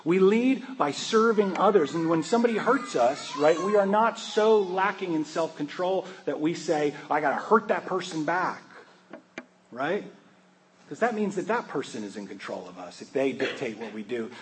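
A man's voice: fairly high pitch, expressive, normal speed, a little hiss or hum, poor audio. A man preaching a sermon in a conversational, joking way, often asking his listeners questions. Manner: conversational, humorous, asks the congregation questions. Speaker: pastor.

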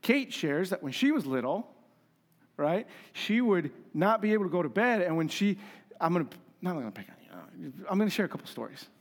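A pastor preaching a conversational, emphatic sermon with humor and rhetorical questions. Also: male voice, high voice, sing-song, a little fast.

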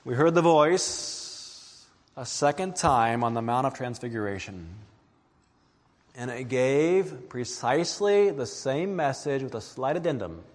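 A man preaching a sermon as pastor, dramatic, dropping to a hush and then rising to emphatic peaks. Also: medium pitch, lively intonation, a little slow, long reverb tail. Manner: dramatic, swings from hushed to emphatic.

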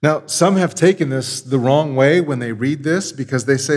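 A man's voice: medium pitch, moderate pace, few pauses, darkish tone, slightly rough. A man preaching a Sunday morning sermon, teaching through a Bible passage with emphatic repetition. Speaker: pastor.

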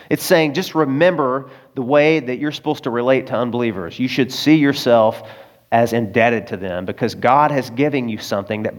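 A man preaching a sermon in a conversational way, with personal stories and frequent asides to the congregation. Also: medium pitch. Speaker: pastor.

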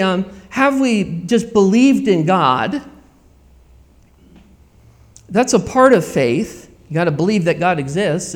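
A man with a high voice delivers a sermon to his congregation. He preaches earnestly and repeats himself, dropping to a hush and then rising to loud emphatic bursts. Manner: earnest, repetitive preaching with dramatic swings in loudness. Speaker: pastor.

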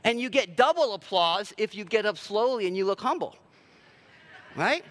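A man's voice: high-pitched, animated, moderate pace, fairly bright tone. A man preaching a sermon in a conversational, self-deprecating way with plenty of filler words. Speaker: pastor.

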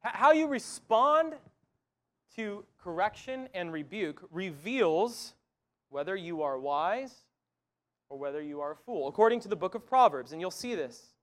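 A man's voice: high voice, animated, moderate pace. A man preaching a sermon in an earnest, conversational way, often restarting his phrases. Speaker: pastor.

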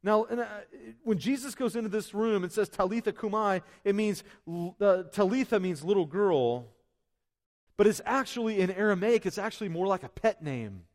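A man's voice: sits high, animated, normal speed, darkish tone. A male pastor preaching a sermon in a conversational way, full of asides and restarts. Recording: long hall reverb.

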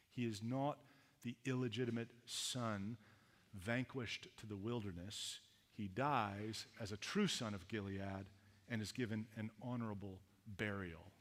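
Canadian pastor preaching in a reverberant hall. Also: male voice, medium pitch. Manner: lively storyteller who speaks to the kids and acts out voices. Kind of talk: sermon.

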